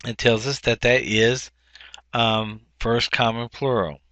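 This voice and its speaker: A man teaching a recorded grammar lesson, explaining step by step with frequent ums and restarts, and slowing down to sound out words. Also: mid-range voice, steady tone, bright, forceful tone, no echo.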